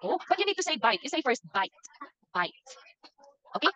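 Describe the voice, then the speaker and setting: Seorang wanita guru bahasa Inggris daring, dengan sabar mengeja kata huruf demi huruf dan mengulanginya untuk seorang anak kecil, suara kering lewat mikrofon panggilan video. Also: female voice, high-pitched, sing-song, rapid-fire, pushed and bright, dry recording, dull audio. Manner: patient, spells words out letter by letter and repeats them. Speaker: online English teacher. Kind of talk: phonics lesson with a young child.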